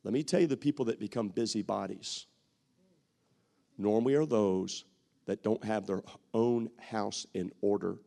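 A man preaching a sermon, bantering with the congregation, repeating phrases for emphasis and sometimes shouting. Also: fairly low pitch, normal speed, gravelly.

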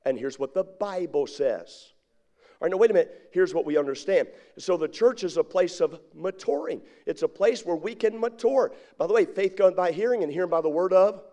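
A man's voice: high-pitched, fairly quick, mellow. A middle-aged man preaching a sermon as pastor, drawing his congregation in with call-and-response questions.

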